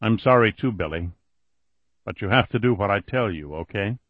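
A man voicing a cold, controlled male interrogator who speaks quietly and with measured menace, on a dull lo-fi recording. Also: on the low side, expressive, dry recording. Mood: coldly patient.

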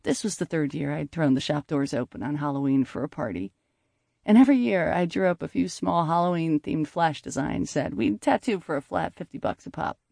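A man narrating a first-person audiobook in a measured, conversational storytelling manner. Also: fairly high pitch, expressive, vocal fry, a little mellow, dry recording, studio quality.

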